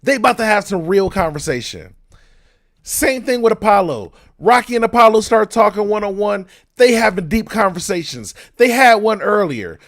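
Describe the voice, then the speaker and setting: Young man, reaction host, exasperated, swears a lot, talks right to viewers, high voice, very animated delivery. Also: normal speed. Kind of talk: casual reaction commentary.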